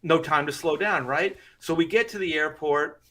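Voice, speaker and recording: A man's voice: on the high side, moderate pace, sharp tone. A middle-aged man, a comic artist, telling a rambling anecdote in casual chat and laughing through it.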